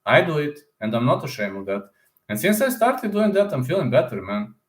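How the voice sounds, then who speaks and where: A man's voice: a little high, very animated, fairly quick. Rambling man chatting in echoey room. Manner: rambling, informal, addresses listeners as "man". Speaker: YouTube channel host. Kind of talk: casual chat with viewers.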